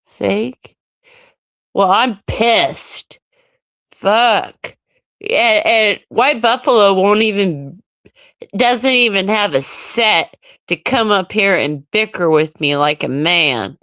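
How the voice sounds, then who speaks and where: Woman streamer, slow and dry, ranting at chat. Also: mid-range voice, lively intonation, fairly bright tone, no echo. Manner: ranting, irritated, reacting to chat. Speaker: livestream host. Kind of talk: casual solo livestream chat.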